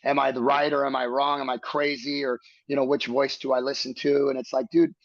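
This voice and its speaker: A man's voice: mid-range voice, flat delivery, fairly quick, no room sound, highs cut off. A man speaking as a podcast guest, earnest and searching, building his thoughts step by step in a reflective conversation.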